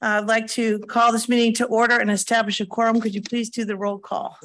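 A woman chairing a county planning commission meeting, moving through the agenda in a relaxed, slightly halting way. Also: on the high side, a little hiss or hum.

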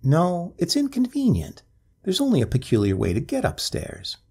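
A man voicing a nervous, secretive, sickly stout man with a sharp, rasping voice in a spoken ghost story. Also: on the high side, wildly swooping pitch, moderate pace, pitched above the performer's own voice, exaggerated voice. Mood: guarded.

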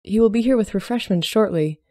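A woman's voice: medium pitch, brisk, warm tone, dry recording, studio quality, voice pushed up, lightly acted. A woman voicing an impulsive, bubbly young lady of the Regency era, speaking eagerly.

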